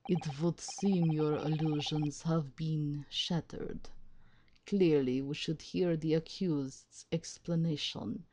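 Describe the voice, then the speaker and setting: A woman voicing a cold, haughty male prosecutor in a game read-along, speaking in a low, hushed, drawn-out way. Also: fairly even intonation. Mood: disdainful.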